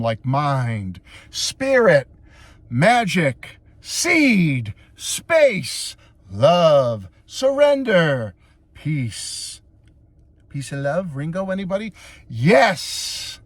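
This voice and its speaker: A man's voice: on the high side, no room sound. A man hosting his own channel, giving a blunt, emphatic casual music review and often calling his viewers folks.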